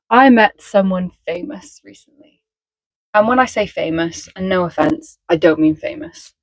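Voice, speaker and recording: A woman's voice: fairly low pitch, unhurried, no room sound. A woman from Wales co-hosting a podcast in casual chat, rambling and giggly, sometimes breaking into song. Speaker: podcast co-host.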